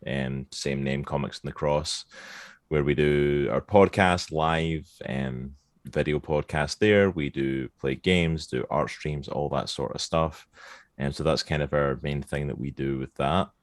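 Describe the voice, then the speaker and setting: Scottish male guest, deep bass, chatty storyteller, dry sound. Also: unhurried, no echo. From Scotland. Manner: animated storyteller, laughs often. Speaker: podcast guest. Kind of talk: casual chat.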